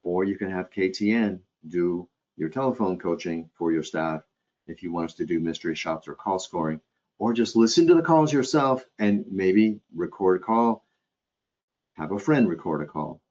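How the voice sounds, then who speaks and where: A man's voice: low-pitched, animated, normal speed, a little mellow. A man presenting a live hospitality training webcast in a conversational way, often checking in with his listeners. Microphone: computer or headset mic on a webcast. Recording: dull lo-fi webcast audio.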